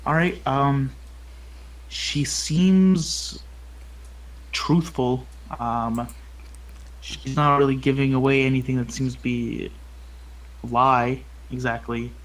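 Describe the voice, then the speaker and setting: Slow, hesitant man running a tabletop game. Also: mid-range voice, steady tone, low-quality recording. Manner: halting, lots of ums and restarts. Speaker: game master.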